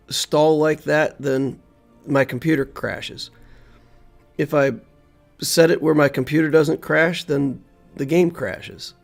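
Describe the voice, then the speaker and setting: A man's voice: a little high, fairly even intonation, takes it slowly, gravelly, faint music behind. A man streaming a video game, commenting live and thinking aloud as he plays, often muttering to himself.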